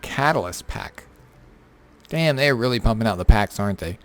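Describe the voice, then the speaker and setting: A man's voice: lowish voice, lively intonation, normal speed. A tired man who has been up all night, casually going over game patch notes with lots of fillers and offhand remarks. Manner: rambling, filler-heavy, offhand. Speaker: gaming content creator.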